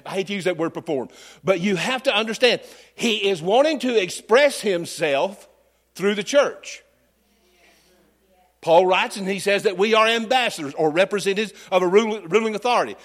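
High-voiced preacher man. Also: expressive, normal speed. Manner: folksy, humorous storytelling preacher. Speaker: pastor. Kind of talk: sermon.

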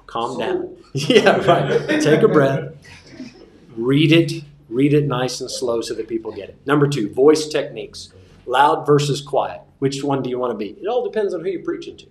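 Male instructor teaching preaching, easygoing and wry, repeats key phrases, mid-pitched voice, roomy classroom sound. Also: expressive, moderate pace. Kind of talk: teaching a class on sermon delivery.

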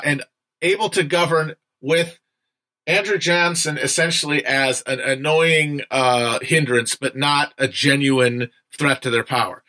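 A young man hosts a relaxed livestream talk about a book he has been reading with his viewers. His voice sits a little high and rings bright. He rambles, restarts and fills gaps with "uh", and drops a curse now and then. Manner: loose, chatty, digressive with frequent fillers and profanity. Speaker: livestream host discussing a history book. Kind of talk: casual livestream book discussion.

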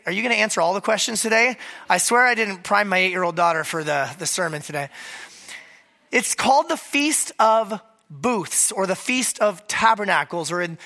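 A middle-aged pastor with a cold, preaching a sermon to a church that meets in a high school, relaxed and joking between points. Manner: conversational with joking asides. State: hoarse from a cold.

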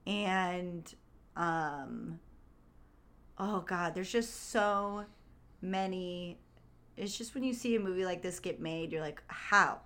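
A woman's voice: lowish voice, slow pace, pauses often. A woman co-hosting a podcast, chatting casually about a movie and acting out scenes as she retells them. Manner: animated, re-enacts scenes with put-on quotes. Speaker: podcast co-host. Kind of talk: casual movie review chat.

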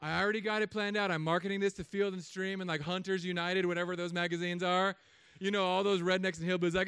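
Animated joking pastor, high clear voice. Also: male voice, fast, no room sound. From Southern California. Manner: jokey, animated storytelling with put-on voices. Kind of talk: humorous sermon.

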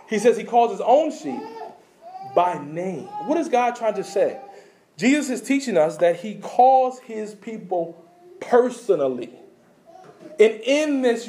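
A man preaching a sermon as pastor, animated, asking the congregation questions and swinging between loud emphasis and quiet asides. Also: sits high, a little hiss or hum.

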